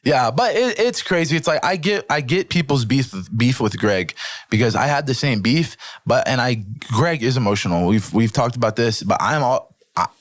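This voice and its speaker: A man talking casually on a podcast as a guest, an animated storyteller who swears freely, fills his talk with "like" and "right", and lifts his voice to act out quoted speech. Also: mid-range voice, normal speed, dry recording, studio quality. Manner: acts out quoted speech in a livelier voice. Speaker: podcast guest, jiu-jitsu athlete.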